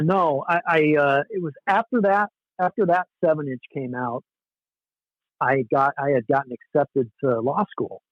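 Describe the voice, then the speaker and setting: A man's voice: medium pitch, no room sound. A man in his forties from Southern California, telling stories as a podcast guest in a laid-back, self-mocking way. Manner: laid-back, anecdotal, often laughs at himself. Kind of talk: casual storytelling in a podcast interview. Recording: dull, dry lo-fi podcast audio.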